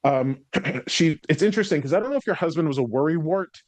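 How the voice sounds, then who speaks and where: A man's voice: on the high side, lively intonation, quick pace, dry recording. A man working as a psychic medium, giving a spirit reading to a sitter in a rambling, hesitant way, full of ums and likes, swearing when relaying the spirits.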